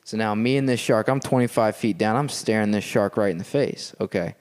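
A man's voice: fairly low pitch, fairly quick, clean tone. A man guest on a podcast, telling a story in casual chat and checking in with his listeners as he goes. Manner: animated storyteller who keeps checking in with "okay?". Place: a house.

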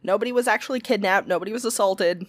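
A woman's voice: mid-range voice, fast, dry recording. A woman co-hosting a casual podcast, blunt and dramatic, swearing often. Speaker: podcast co-host.

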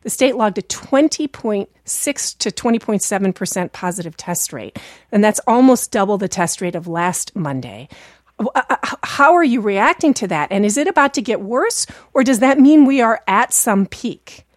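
A woman radio host with a scratchy voice, talking in a brisk, conversational way as she leads a call-in show. The sound is dry and close. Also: medium pitch, lively intonation, dry recording. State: scratchy voice from a recent illness. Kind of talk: public radio talk show hosting. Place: home studio.

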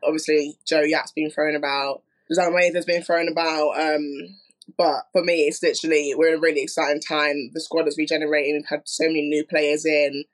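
A woman rugby player talking as a guest on a podcast. Her delivery is upbeat but stays flat and even in pitch. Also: brisk. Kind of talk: interview answer.

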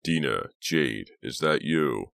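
Man doing a groggy teen boy, groaning, very deep, dry audiobook sound. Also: fairly even intonation, moderate pace, fairly bright tone, no room sound. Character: dazed, injured teenage boy.

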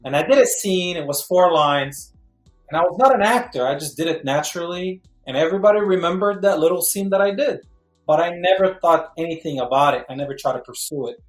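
A middle-aged man, a guest actor, telling a lively story and acting out quotes with jumps in pitch. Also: a little fast, soft background music. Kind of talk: animated storytelling. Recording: roomy echo.

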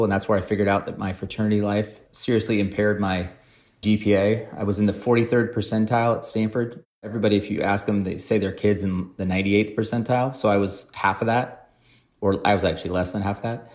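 A man's voice: on the low side, fairly even intonation, fast, a little mellow. A man in his forties, a podcast guest, telling self-deprecating stories about his career in a casual, wry way. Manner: wry, self-deprecating anecdotes with acted-out quotes. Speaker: podcast guest, private equity investor. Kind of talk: casual storytelling.

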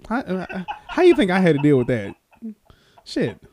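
A man's voice: high-pitched, normal speed, slight background noise. A man hosting a casual podcast who teases his co-host, laughs often and tells stories loosely with many fillers. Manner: teasing, animated, laughs often.

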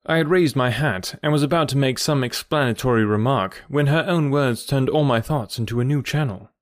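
A man narrating a classic novel as an audiobook, with measured, descriptive storytelling. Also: mid-range voice, lively intonation, no echo, clean studio sound.

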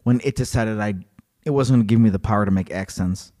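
Male podcast co-host, low voice, loose rambling casual delivery. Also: quick pace, warm tone. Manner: rambling, many fillers and restarts. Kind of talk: casual chat.

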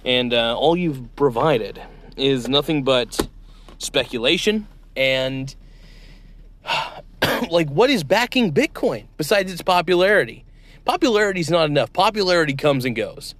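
A man's voice: on the high side, lively intonation, measured pace, a bit bright. A man hosting a comedy sketch interview, playing a mock-outraged, exasperated interviewer. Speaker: show host.

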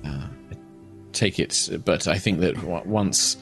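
A man voicing a tired, older high elf woman professor who speaks in a measured, cautious way. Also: a bit bright, soft background music. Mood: guarded. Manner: measured, cautious, lower than his usual.

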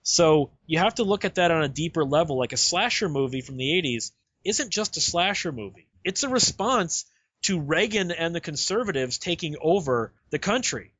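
A man's voice: a little high, lively intonation, moderate pace, fairly bright tone, slightly rough, dry recording. A man hosts a film discussion and presses his arguments with firm emphasis. His voice is recorded dry and close, with no room sound around it. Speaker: podcast host.

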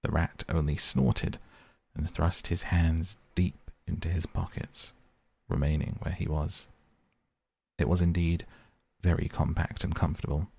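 Deep, gravelly man reading softly at bedtime. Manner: soft, slow, calm reading. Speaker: podcast host and reader. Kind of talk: soft bedtime audiobook reading.

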